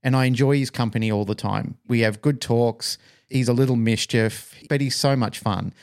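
A man's voice: mid-range voice, normal speed, smooth. A middle-aged Australian man on a podcast, casually telling a personal story and acting out the voices of people in it. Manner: animated storyteller, acts out quoted voices. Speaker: podcast co-host.

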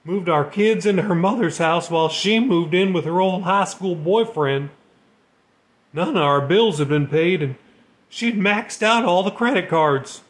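A man's voice: on the high side, a little slow, long pauses, pitched above the performer's own voice, close to an everyday voice. A man voicing a demoted navy sailor who speaks plainly and shakily with regret in a storybook reading. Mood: regretful. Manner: plain-spoken, slangy, shaky with regret. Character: remorseful demoted male navy sailor, gruff.

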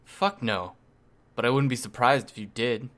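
A man's voice: mid-range voice, moderate pace, a bit bright, natural voice. A man reading as a surly young woman, blunt, growling, audiobook.

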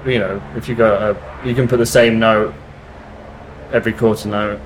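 A man talking in a casual interview, halting, with many restarts and fillers. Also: on the low side, level tone, slight background noise. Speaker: guest musician.

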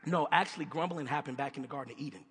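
A man's voice: mid-range voice, very fast, fairly bright tone, husky. A man preaching a sermon in a conversational, emphatic way, putting questions to his listeners. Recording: long hall reverb.

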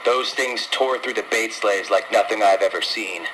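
A man's voice: lowish voice, normal speed, background noise. A man voicing a shaken male alien soldier reporting over a radio link.

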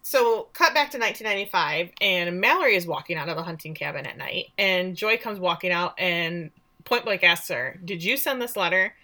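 A woman's voice: fairly low pitch, animated, fairly quick, sharp tone. A woman co-hosting a podcast, recapping a TV series in casual, sarcastic chat and acting out the characters' lines. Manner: chatty and sarcastic, acts out quotes with voices.

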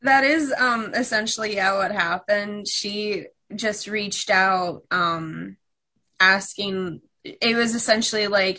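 A woman's voice: mid-range voice, takes it slowly, bright, forceful tone. A young woman guest in casual chat, reflecting hesitantly with many fillers.

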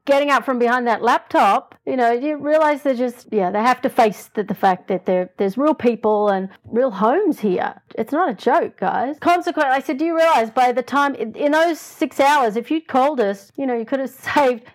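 A woman's voice: high voice, normal speed, few pauses. An older woman, a guest, telling stories in a casual interview and acting out the lines she quotes. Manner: lively, acts out quoted lines, laughs often.

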